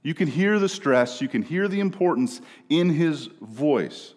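Preacher from Minnesota in a reverberant hall. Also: male voice, fairly high pitch, expressive, measured pace. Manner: conversational, asks "right?" often, swings between quiet and loud. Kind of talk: sermon. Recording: long reverb of a large room.

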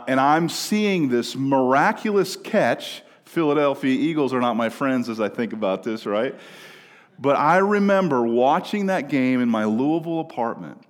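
Preacher from Minnesota in a reverberant hall. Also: male voice, mid-range voice. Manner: conversational, asks "right?" often, swings between quiet and loud. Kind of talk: sermon. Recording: long reverb of a large room.

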